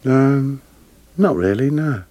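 A man with a Cockney accent, a guest actor telling lively anecdotes with frequent laughter. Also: medium pitch, slow, dry recording. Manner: animated, laughing often, plays voices in his stories. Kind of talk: storytelling interview anecdotes.

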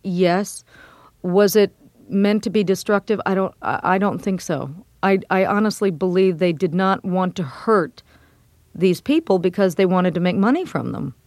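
A middle-aged woman answers interview questions about her past in a measured, reflective way, pausing often on ums. Her voice sits at an ordinary middle pitch. The recording is dry and close, with no room sound. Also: darkish tone, no room sound. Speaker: guest, memoir author. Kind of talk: interview conversation.

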